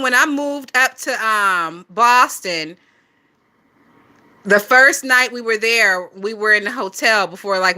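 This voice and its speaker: A woman in her twenties with a Southern US accent gossips on a casual phone livestream, swearing and laughing often. Her voice is mid-range, pushed and bright.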